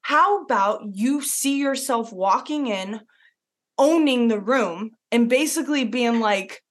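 A woman doing a brisk New York dad. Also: on the high side, expressive. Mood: encouraging. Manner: brisk, upbeat pep talk. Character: encouraging father with a New York accent.

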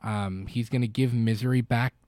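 Recorded with studio quality and no echo, a male podcast co-host recaps a movie in a chatty, rambling manner with frequent fillers and restarts. His mid-range voice is slightly mellow, with fairly even intonation and a moderate pace.

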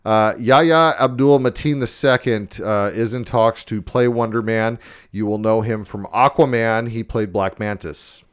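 A man co-hosting a podcast, chatting casually and rambling with plenty of swearing and chuckling. His voice sits low. He talks into a studio microphone. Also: unhurried, clear, resonant tone. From Minnesota. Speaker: podcast co-host. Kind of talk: casual chat.

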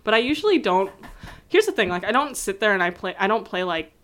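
A woman in casual conversation, chatty and animated, her pitch jumping up when she gets excited. She tells stories with lots of fillers and laughs easily. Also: fast talker, slight background noise. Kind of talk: casual chat.

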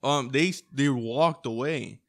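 A young man co-hosting a casual podcast chat, exasperated and quick to swear. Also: medium pitch. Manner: exasperated, swears freely, laughs often. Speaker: podcast co-host.

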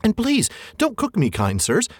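A man's voice: very animated, normal speed, husky, no echo, clean studio sound, exaggerated voice. A man reading aloud and voicing a small, frightened male hobbit who stammers as he pleads. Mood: frightened pleading. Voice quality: high, shaky and stammering.

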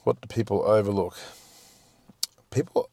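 A man's voice: on the low side, sing-song, normal speed, vocal fry, mellow, dry recording. A middle-aged man chatting as a podcast guest, blunt and freely swearing, often repeating words as he starts a point. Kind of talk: casual chat.

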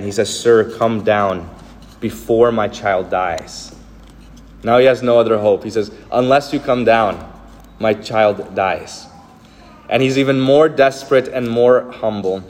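A man's voice: medium pitch, darkish tone. A man preaching a sermon in an earnest manner, acting out the voices of the people he quotes. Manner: earnest, acts out quoted speech. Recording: reverberant hall, faint ambience.

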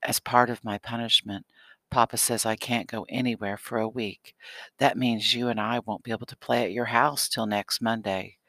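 A man's voice: medium pitch, level tone, moderate pace, bright, forceful tone, no room sound. A man voicing a clingy, jealous schoolgirl in an audiobook, whiny and possessive. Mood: wheedling. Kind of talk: audiobook character reading.

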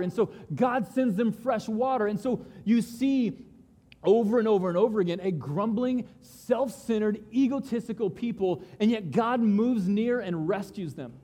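A man with a fairly high but mellow, slightly husky voice preaches a sermon. He retells scripture in casual, conversational voices, swings from excited bursts to quiet intensity, and his words ring with the long reverb of a large hall. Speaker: pastor.

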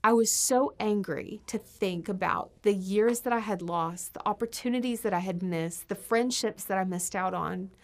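A woman preaching a sermon with passion, her voice surging to emphatic peaks and then dropping to hushed asides. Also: mid-range voice, normal speed, few pauses.

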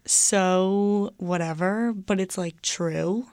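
A woman's voice: mid-range voice, very slow, a little mellow, no echo, clean studio sound. A young woman student, a guest on a casual podcast, rambling and saying "like" a lot. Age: young adult. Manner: rambling, heavy use of "like".

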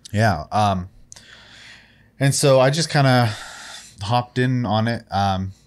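A man co-hosting a casual gaming podcast, speaking haltingly with many fillers. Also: mid-range voice. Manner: hesitant, many fillers and restarts, chuckles. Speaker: podcast co-host. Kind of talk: casual chat.

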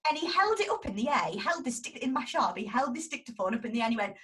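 A woman, telling a story about her dog grooming salon in a casual, animated way and acting out the people in it. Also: sits high, very fast, far from the mic, rough recording.

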